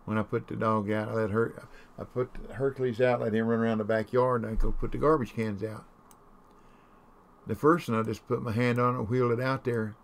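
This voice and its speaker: A man's voice: mid-range voice, level tone, brisk. A man chatting casually while streaming a game, telling folksy, rambling stories. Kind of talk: casual chat while gaming.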